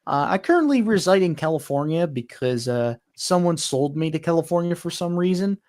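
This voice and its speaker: A folksy, friendly male steam engine with a Canadian accent, as a man puts him on. He tags "eh" onto his sentences, chatty and upbeat, a touch higher than an everyday voice. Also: expressive, fairly quick, darkish tone, natural voice. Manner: folksy, ends lines with "eh".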